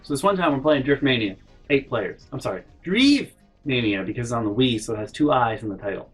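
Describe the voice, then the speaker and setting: A man's voice: mid-range voice, quick pace, husky, faint music behind, low-quality recording. A young man telling a funny story from his life in a casual, rambling way, with frequent swearing and mock-indignant asides. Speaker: storytelling vlogger.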